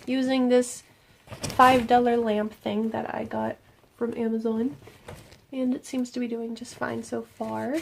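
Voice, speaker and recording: A young woman chatting through a casual Q&A vlog, fielding viewer questions from her room at night. Her voice sits a little high and has a gravelly fry, and she keeps things playful. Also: a little hiss or hum. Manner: playful and jokey, slipping into silly voices. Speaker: YouTuber host.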